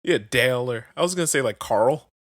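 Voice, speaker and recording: A man's voice: medium pitch, expressive, a little fast, dry recording, clean studio sound. A man co-hosting a podcast, laughing often and trading crude jokes in casual banter. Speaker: podcast co-host.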